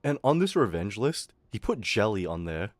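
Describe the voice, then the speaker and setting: A man's voice: fairly low pitch, sing-song, normal speed, no room sound, studio quality. A young man streaming, telling a school story in a rambling, profane way and acting out the people he quotes. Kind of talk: casual storytelling rant.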